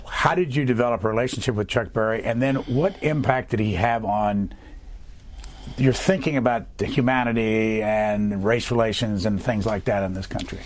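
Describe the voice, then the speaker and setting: A male TV interviewer with a lowish voice asks his questions slowly and deliberately. A faint hiss sits underneath the recording.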